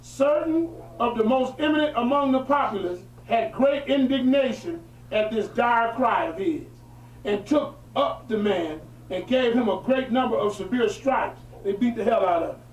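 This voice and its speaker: A religious teacher with a very high voice reads an old historical account aloud to a small group at normal speed. He often breaks from the formal reading for emphatic, plain-spoken preaching asides. The mic is distant, so his voice echoes around a roomy space, with slight background noise.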